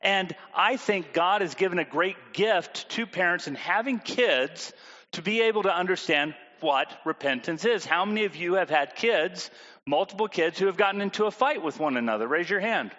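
High-voiced male preacher in a reverberant hall. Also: lively intonation, moderate pace, pushed and bright, lo-fi sound. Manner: conversational, asks the congregation questions. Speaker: pastor. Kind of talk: sermon.

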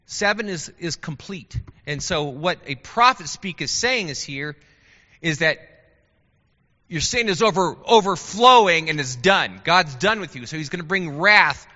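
High, bright-voiced man teaching Bible class. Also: measured pace. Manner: chatty, animated, asks the class questions. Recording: dull lo-fi sound with long hall reverb.

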